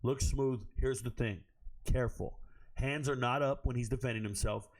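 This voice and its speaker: A man hoarse from screaming, giving a blunt, profane and animated monologue recapping fights and bets as the show's host. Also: medium pitch, moderate pace. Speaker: MMA betting analyst.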